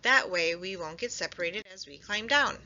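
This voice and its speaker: A woman reading aloud gives voice to a brave little hedgehog from a storybook, kind and eager. His lines jump up high in quick, breathless exclamations. The sound is bright but dull and lo-fi. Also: expressive. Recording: dull lo-fi recording.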